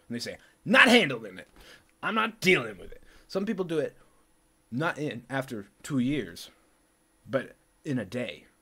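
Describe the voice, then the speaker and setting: A man telling a story to his viewers in a casual, animated rant, profane, rambling and repetitive. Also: medium pitch, background noise. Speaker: vlogger.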